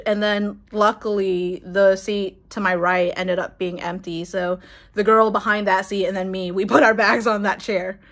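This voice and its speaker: A young woman telling an excited, rambling story in casual chat, laughing and swearing as she goes. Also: medium pitch. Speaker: vlogger.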